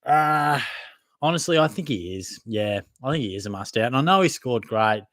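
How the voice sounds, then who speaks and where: A man's voice: mid-range voice, animated, moderate pace, a bit bright, dry recording. Australian man, young adult, casual matey host, answers live comments, dry close sound. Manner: casual, matey, laughs at himself. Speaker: fantasy football podcast host. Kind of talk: live Q&A reading viewer comments.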